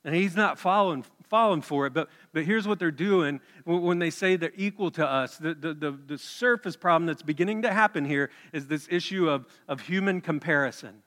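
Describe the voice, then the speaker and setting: A male pastor delivers a sermon in a bright, forceful voice, telling the story in a conversational way and putting questions to his listeners. His voice rings out with a long reverb from a large hall. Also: fairly high pitch, brisk.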